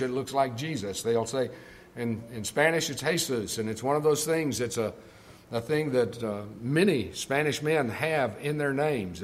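An older man with a Texan accent, preaching a sermon in a conversational, storytelling way and slowing down to stress key points. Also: fairly high pitch. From Texas.

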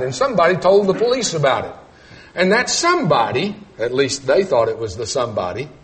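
A middle-aged man preaching a sermon, telling folksy stories and swinging between loud emphatic points and quiet low asides. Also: a little hiss or hum. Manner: storytelling with folksy humor.

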